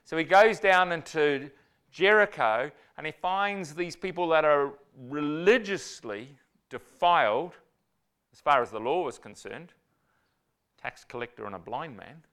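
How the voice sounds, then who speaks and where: A man preaching a sermon, telling stories in an animated way and acting out quotes with sudden loud bursts. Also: on the high side, a little slow, clear, resonant tone.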